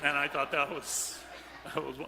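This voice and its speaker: A man preaching a lively homily as a priest, switching to hushed voices for quotes and sometimes calling out loud. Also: on the high side, measured pace, gravelly, in a large hall, slight background noise. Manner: animated, acts out quotes in hushed voices, sudden shout. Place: large church.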